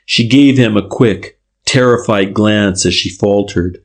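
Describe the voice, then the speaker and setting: A man narrating a classic detective novel in a steady, measured reading. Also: lowish voice, gravelly. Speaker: audiobook narrator. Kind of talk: scripted narration.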